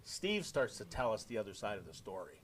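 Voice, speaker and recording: A man's voice: fairly low pitch, fairly quick, slight background noise. American man telling a radio war story. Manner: animated storyteller, acts out quotes. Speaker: radio host. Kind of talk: casual storytelling on air.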